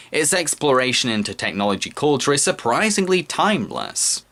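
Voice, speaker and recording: Male film reviewer, scripted voice-over, measured, earnest, mid-range voice. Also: medium pitch, fairly bright tone. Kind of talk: scripted narration.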